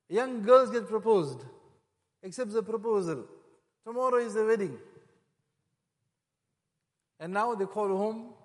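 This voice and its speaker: High-voiced male preacher in a reverberant hall. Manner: acts out quoted voices, rising to emphatic peaks. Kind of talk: sermon.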